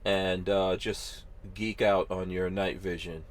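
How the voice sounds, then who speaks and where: A man's voice: low voice, flat delivery, takes it slowly. A man hosting a podcast in casual chat, laid-back, laughing often and reading chat comments aloud. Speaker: podcast host.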